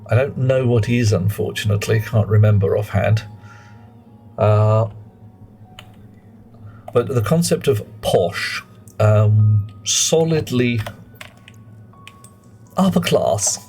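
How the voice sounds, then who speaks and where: A man's voice: medium pitch, a little mellow. A man streaming a game, chatting in a rambling, self-mocking way. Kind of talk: live gameplay commentary and chat.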